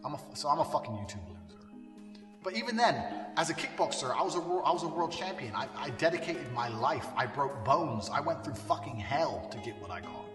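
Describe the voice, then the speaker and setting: A man ranting bluntly and profanely, his voice high-set, bright and lively in pitch. He sounds off-mic in an echoey hall with a long reverb tail. Faint music plays under him. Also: a little fast, few pauses, far from the mic. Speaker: speaker giving a self-help rant. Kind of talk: ranting monologue.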